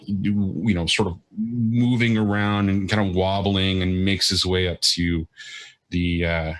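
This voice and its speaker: Game master, male, deep and bright, halting narration with fillers.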